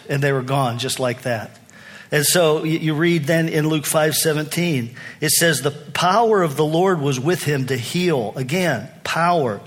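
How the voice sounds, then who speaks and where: A pastor with a fairly high, somewhat bright voice preaches a sermon. He's earnest and conversational, often restarting his sentences as he explains.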